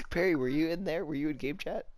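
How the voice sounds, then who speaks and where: A man's voice: a little high, a little mellow. A man in casual gaming chat, laughing so hard he keeps gasping for breath. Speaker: streamer in game chat. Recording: noisy background.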